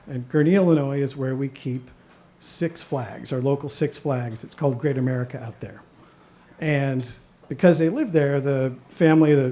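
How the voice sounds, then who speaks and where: A man's voice: mid-range voice, warm tone. A middle-aged man from the Chicago area telling a personal story on stage at a story slam, conversational and swearing casually. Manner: conversational, swears casually, quotes himself and his dad. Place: stage at a live event.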